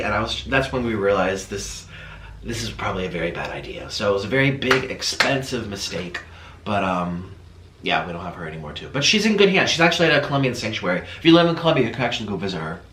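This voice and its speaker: A man talking straight to camera in a casual vlog, tearful and halting, with many pauses and fillers. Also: fairly low pitch, big pitch swings, sharp tone, roomy sound, slight background noise. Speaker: vlogger. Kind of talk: emotional casual vlog talk.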